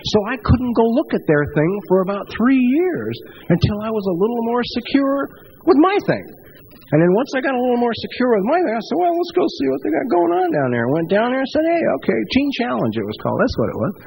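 A middle-aged man giving a blunt, profane personal recovery talk, telling stories with wide swings in pitch. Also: very animated, quick pace, vocal fry, darkish tone, rough recording. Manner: pitch swings widely for emphasis. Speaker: recovery speaker.

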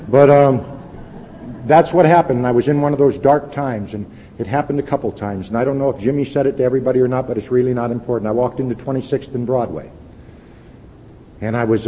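An older man speaking at a recovery meeting, giving a plain-spoken, wry and candid personal testimony. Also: mellow. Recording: lo-fi echoey hall with faint rumble.

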